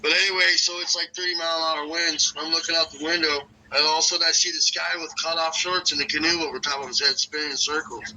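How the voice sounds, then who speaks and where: A man's voice: fairly even intonation, fast talker, hardly any pauses, pushed and bright, a little hiss or hum, poor audio. A man hosting a podcast, telling a rambling, profane story from northern Michigan in a loose, casual way. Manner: rambling, profane, acts out voices with big jumps in pitch. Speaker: podcast host.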